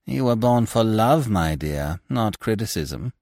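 A man voicing a small, candid male clown actor who teases gently. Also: fairly low pitch, animated, measured pace, dry recording, studio quality, pitched above the performer's own voice. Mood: teasing.

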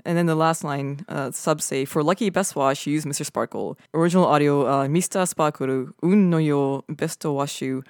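A woman's voice: sits low, moderate pace, few pauses, darkish tone, no room sound, studio quality. A woman chatting casually and with enthusiasm, reading out Japanese lines with care. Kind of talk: casual chat.

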